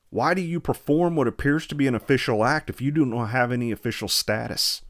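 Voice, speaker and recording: Here a medium-pitched man delivers a sermon verse by verse, giving the scripture a slow, formal reading before breaking it down plainly. Rhetorical questions run through his explanations.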